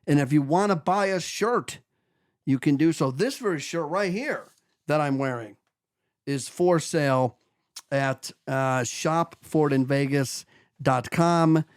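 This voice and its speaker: A man co-hosting a casual true crime podcast, bantering with his co-host and reading the show's plugs in a steady way. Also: on the high side, takes it slowly, clean tone, dry recording, studio quality. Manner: bantering, reads promos steadily.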